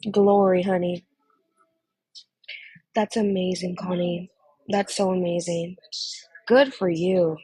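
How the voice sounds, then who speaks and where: A woman's voice: on the low side, steady tone, slow pace, pauses often, warm tone, breathy edge, dry recording, poor audio. A young woman on a casual phone chat, gushing and emotional, calling the listener honey.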